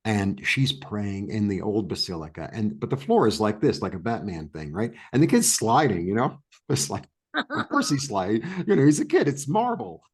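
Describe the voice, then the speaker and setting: A man's voice: lowish voice, normal speed, breathy edge. Rambling storytelling man from New York. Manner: rambling, many restarts and fillers, animated. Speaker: interview guest. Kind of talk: casual storytelling chat.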